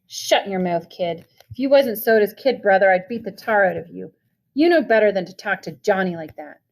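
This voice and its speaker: A woman voicing a tough, loyal teenage greaser who jokes and scolds in a gruff way. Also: medium pitch, animated, moderate pace, a little mellow, lightly acted.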